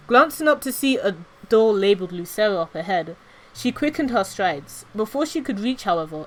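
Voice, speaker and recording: A woman streamer reading her own story aloud with expressive storytelling narration. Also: mid-range voice, a little hiss or hum, low-quality recording.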